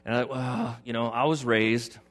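A middle-aged male pastor preaching a sermon, moving from loud emphatic points to a quiet personal story. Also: mid-range voice, moderate pace. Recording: long hall reverb with faint music.

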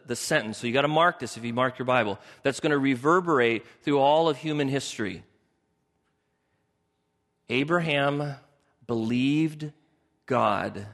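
A man preaching a sermon as pastor, animated and acting out the people in his story with shifting voices. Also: mid-range voice. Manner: animated, acts out biblical characters in shifting voices. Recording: long hall reverb.

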